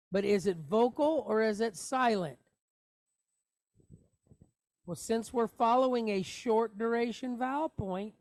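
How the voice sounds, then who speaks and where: A woman's voice: on the high side, dry recording, clean studio sound. A woman teaching a Hebrew reading lesson, patiently explaining each letter and asking the class questions.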